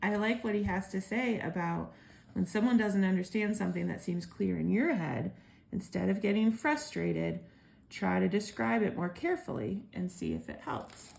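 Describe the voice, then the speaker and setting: A woman's voice: mid-range voice, animated, normal speed, darkish tone. A woman in her thirties, a homeschooling parent, talking casually through the school day with a dry, lightly sarcastic manner. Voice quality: gravelly. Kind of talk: casual chat and reading aloud to kids. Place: home. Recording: audible background noise.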